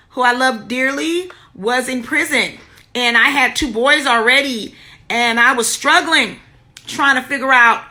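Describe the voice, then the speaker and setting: A woman's voice: sits high, bright, forceful tone. A middle-aged woman earnestly telling her own story on a live stream, greeting viewers by name and repeating key words for emphasis. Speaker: womb healing teacher. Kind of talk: live stream testimony and teaching.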